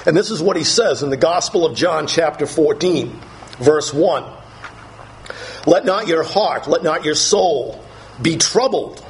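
A man preaching a sermon, reading scripture aloud slowly and explaining it with emphasis. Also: lively intonation, slight background noise. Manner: slow, emphatic scripture reading, rising to higher pitch when dramatizing.

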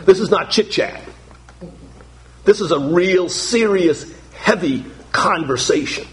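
A man's voice: sits high, lively intonation, slow pace. A male pastor delivering a sermon, earnest and emphatic, often repeating words to stress a point.

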